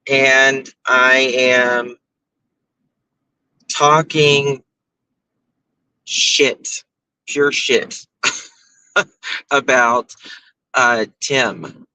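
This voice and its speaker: A man's voice: medium pitch, sharp tone, dry recording, poor audio. A man hosting a casual livestream, chatting through stories and thanking viewers by name for gifted memberships. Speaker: livestream host.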